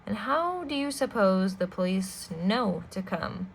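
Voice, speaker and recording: A woman's voice: medium pitch, expressive, a little slow, breathy edge, rough recording. A woman reading aloud and voicing a sinister, scheming adult male villain with a sneering, menacing manner. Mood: mocking. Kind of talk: storybook read-aloud.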